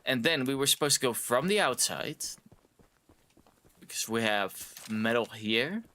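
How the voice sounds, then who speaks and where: A man's voice: mid-range voice, animated, measured pace, sharp tone. A male streamer chatting casually while playing a game, rambling and a little tipsy. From Canada.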